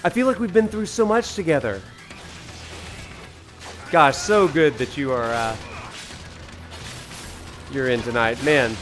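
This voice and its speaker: A man's voice: on the high side, measured pace, long pauses, fairly bright tone. A man with a Southern US drawl hosting a live gameplay stream, greeting chat viewers with enthusiasm. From Alabama, USA. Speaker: streamer and professor. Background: faint game music.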